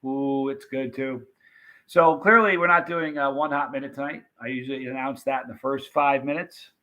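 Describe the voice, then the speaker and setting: A man hosting a casual live stream, reading viewer comments and rambling excitedly about old movie scenes. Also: mid-range voice, normal speed. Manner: chatty, rambling, animated retelling of movie scenes.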